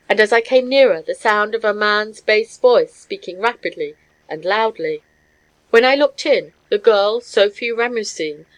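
A woman reading a story aloud as an audiobook narrator, measured and even. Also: mid-range voice, rough recording. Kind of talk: scripted narration.

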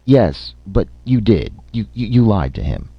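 A man's voice: lowish voice, big pitch swings, unhurried, creaky, dry recording, pitched above the performer's own voice, exaggerated voice. A man voicing an insolent, sneering male dwarf who talks in an elaborate mocking drawl. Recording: slightly muffled lo-fi recording.

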